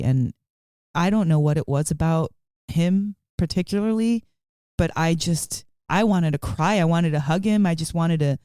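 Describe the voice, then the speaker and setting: A woman's voice: low voice, mellow, no echo, studio quality. Earnest, heartfelt woman podcast co-host. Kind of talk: casual chat.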